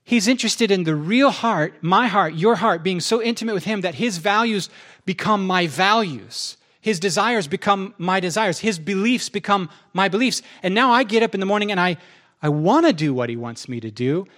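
Male pastor, animated sermon delivery, voices both sides of his talks with God. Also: sits high, normal speed.

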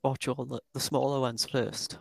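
A man's voice: medium pitch, level tone, normal speed, vocal fry, dry recording. A Welsh man co-hosting a podcast, joking and teasing in casual chat. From Wales. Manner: joking, laughs often, teasing. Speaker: podcast co-host.

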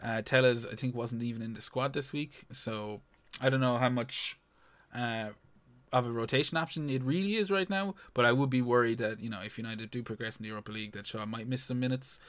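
A man in laid-back podcast conversation, padding his points with "you know" and "um" and swearing freely. His voice sits at an ordinary pitch for a man. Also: fairly quick, fairly bright tone. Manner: loose and sweary, full of fillers like "you know" and "um". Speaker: podcast co-host. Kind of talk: casual fantasy football chat.

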